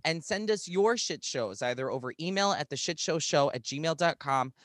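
A man's voice: on the high side, expressive, normal speed, fairly bright tone, dry recording. A young man co-hosting a casual podcast, joking and rambling with lots of "like". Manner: joking, rambling with many likes. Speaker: podcast co-host.

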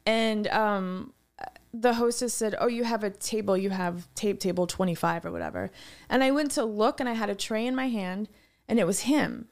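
A woman co-hosting a podcast, telling animated, rambling anecdotes in casual chat. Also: mid-range voice, normal speed, creaky. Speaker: podcast co-host.

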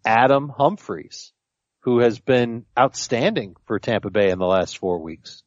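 A man's voice: mid-range voice, lively intonation, measured pace, no room sound, lo-fi sound. A man co-hosting a fantasy football podcast, arguing his picks emphatically and confidently in casual chat. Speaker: podcast co-host.

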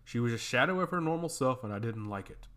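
A man narrating a first-person fantasy story in a steady, measured reading. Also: medium pitch.

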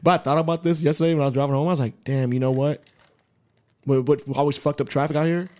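A young man rattles off stories at a brisk clip in a somewhat high voice, laughing between lines and cursing freely. His talk is loose, animated podcast banter. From Atlanta area. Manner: laughs often, swears freely, animated storytelling. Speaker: podcast co-host. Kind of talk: casual podcast chat.

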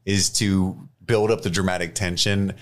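A man's voice: deep voice, moderate pace. A man hosting a casual movie podcast, joking and teasing his co-hosts. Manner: joking, teasing, swings into animated bursts. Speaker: podcast host. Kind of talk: casual chat.

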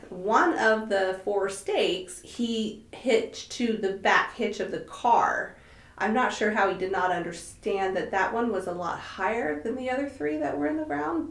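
A woman in her fifties, hosting a podcast, chatting casually with her husband and telling animated stories with frequent laughter. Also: medium pitch. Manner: animated storyteller, laughs often. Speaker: podcast host. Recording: echoey room.

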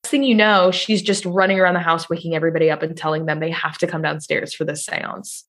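A woman co-hosting a podcast, recapping a horror film in quick, casual chat with bursts of swearing. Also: low voice. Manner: fast, swearing, excitable. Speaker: podcast co-host.

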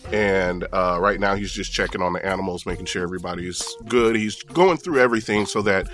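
A man narrating a tabletop game as game master, describing scenes in a relaxed way with filler words. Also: deep voice, a little fast, faint music behind.

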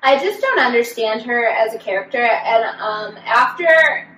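A young woman co-hosting a podcast in casual chat, talking fast with lots of "like" fillers and mimicking voices in her stories. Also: fairly high pitch, animated, pushed and bright, recorded from a distance. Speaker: podcast co-host. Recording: echoey room, a bit off-mic, faint background noise.

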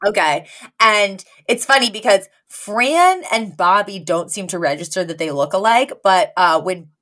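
A woman co-hosting a podcast in a relaxed, conversational way. Her voice sits in a middle register, and she narrates scenes with lots of fillers and lively bursts when she quotes characters. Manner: chatty, acts out quotes with quick pitch jumps. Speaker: podcast co-host. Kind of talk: casual chat recapping a sitcom episode.

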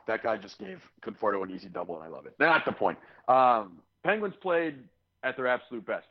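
A man's voice: mid-range voice, highs cut off. A man co-hosting a podcast, chatting casually about sports and ranting with sarcastic asides. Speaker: podcast co-host.

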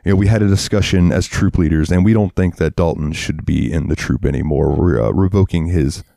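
Low-voiced profane storytelling man. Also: a little fast, gravelly, dark tone, no echo, studio quality. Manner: profane, heated storyteller acting out quotes. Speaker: podcast co-host. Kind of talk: casual storytelling chat.

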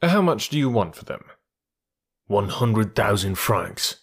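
A man's voice: lowish voice, sing-song, slow pace, breathy edge, exaggerated voice. A man voicing a desperate, enraged blackmailer. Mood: cowed. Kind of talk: audiobook character reading.

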